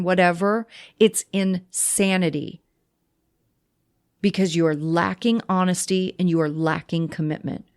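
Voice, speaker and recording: A woman hosting a sobriety podcast, talking bluntly and with emphatic repetition, giving tough love and swearing freely. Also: on the low side. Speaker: podcast host, sobriety coach. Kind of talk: direct motivational talk.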